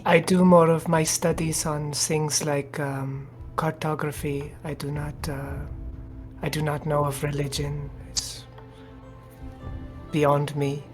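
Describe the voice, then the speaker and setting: A man voicing an evasive young mapmaker who speaks quietly and haltingly, with mysterious answers. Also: a little high, flat delivery, soft background music.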